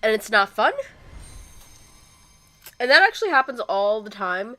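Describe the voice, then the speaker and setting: Hoarse rambling woman streamer. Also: a little high, big pitch swings, measured pace, sharp tone. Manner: rambling, lots of fillers and restarts. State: hoarse from a cold. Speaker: gaming streamer. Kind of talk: casual livestream chat. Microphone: streaming microphone.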